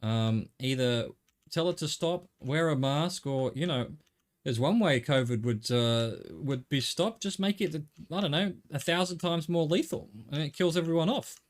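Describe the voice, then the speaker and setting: A man's voice: a little high, moderate pace. Rambling middle-aged Australian man streaming. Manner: rambling, wry, jokey asides to chat. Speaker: game streamer. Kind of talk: casual live-stream chatter while gaming.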